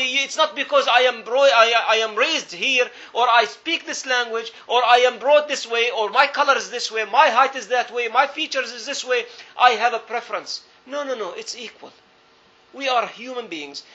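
Very high-voiced earnest male preacher. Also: sharp tone. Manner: earnest storytelling, repeats phrases for emphasis. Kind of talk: sermon. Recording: dull lo-fi recording.

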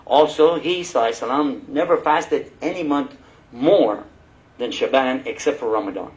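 A man preaching a sermon, telling personal stories in a lively way and laughing as he goes. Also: mid-range voice, a little fast, low-quality recording. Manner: animated, laughing storyteller. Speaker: Muslim preacher.

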